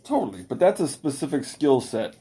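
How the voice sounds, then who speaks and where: Middle-aged man, podcast co-host, lively swinging delivery, mellow tone, heavy swearing. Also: a little fast. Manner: profane, animated, bursts into high falsetto singing. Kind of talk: casual chat.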